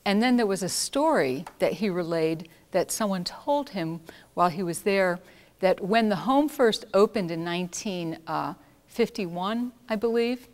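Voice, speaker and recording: A woman telling personal stories in an earnest, reflective way, pausing and restarting as she recalls them. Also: medium pitch, lively intonation, darkish tone. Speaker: speaker recounting volunteer work. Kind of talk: personal storytelling talk. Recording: long hall reverb.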